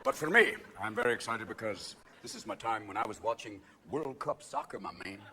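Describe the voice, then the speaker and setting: A man doing a manic, rapid-fire live stand-up routine on a theatre stage, jumping in and out of voices as the audience laughs. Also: on the low side, lively intonation, bright, forceful tone, slight background noise. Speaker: stand-up comedian.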